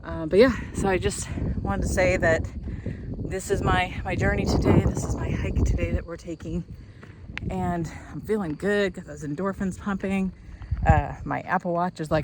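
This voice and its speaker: A woman's voice: lowish voice, lively intonation, moderate pace, very noisy. Chatty young woman vlogging on a trail. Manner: chatty, upbeat, rambling. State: slightly out of breath. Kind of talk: casual walking vlog. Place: outdoor hiking trail.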